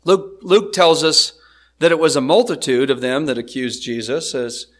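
Male pastor with a high voice, preaching in an easy, chatty way that keeps drawing the congregation in. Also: normal speed, fairly bright tone. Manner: conversational, asks the congregation "right?". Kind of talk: expository sermon.

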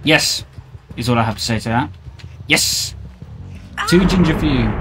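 A man's voice: medium pitch, expressive, measured pace, long pauses. A man streaming a video game, commenting on his play in an exasperated, ranting way. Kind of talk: live gameplay commentary. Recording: game music playing underneath.

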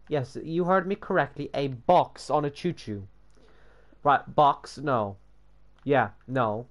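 A man's voice: medium pitch, slow. A young man giving casual gameplay commentary while building, sweary and sarcastic, often muttering to himself. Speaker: gamer building in a block game.

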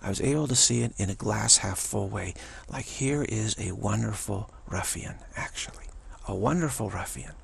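A man's voice: on the low side, normal speed, gravelly, hardly any pauses, a little hiss or hum. A man vlogging in a rambling, repetitive, theatrical way, giving casual spiritual commentary.

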